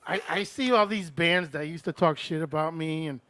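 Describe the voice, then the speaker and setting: A radio show host with a high voice, recorded close and dry. He chats casually and bluntly, cursing freely and pushing his opinions. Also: moderate pace, bright, forceful tone, no room sound. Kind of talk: casual chat on a radio live stream.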